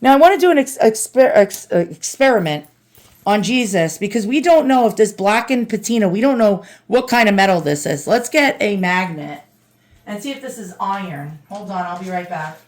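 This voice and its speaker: A woman's voice: medium pitch, expressive, moderate pace. A woman with a New York accent chatting casually to viewers while cleaning an antique at home, self-deprecating and talkative. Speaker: antiques restoration vlogger. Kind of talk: casual restoration vlog.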